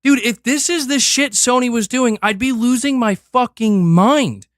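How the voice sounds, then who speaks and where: A man's voice: extremely high pitch, measured pace, no room sound, clean studio sound. A man hosting a stream, ranting in a heated, profane and exasperated way. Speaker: streamer host.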